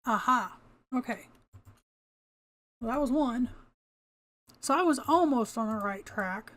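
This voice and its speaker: A woman's voice: on the high side, animated, takes it slowly, long pauses, a bit bright. An older woman talking casually to herself as she plays a video game, laughing often and cursing mildly at the game's creatures. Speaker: gamer. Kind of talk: casual gameplay commentary.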